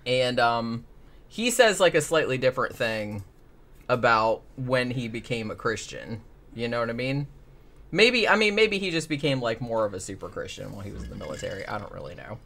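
A man in casual conversation, talking in loose, rambling runs full of fillers. His tone is dry and sarcastic, and he swears freely. His voice sits at an ordinary middle pitch. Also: sing-song, moderate pace, creaky, sharp tone, slight background noise. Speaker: podcast host. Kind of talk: casual chat.

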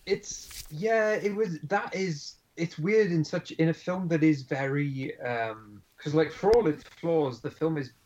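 A man's voice: a little high, unhurried, hardly any pauses, darkish tone, dull audio. A man co-hosting a podcast, discussing a film in a thoughtful, analytical way with some hesitation. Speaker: podcast co-host.

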